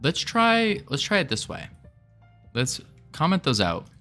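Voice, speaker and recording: A man's voice: mid-range voice, very animated, normal speed, bright, forceful tone, soft background music. A man streaming his game development work, chatting casually and thinking aloud while he codes, joking and rambling as he goes. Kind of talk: casual live-stream chat while coding.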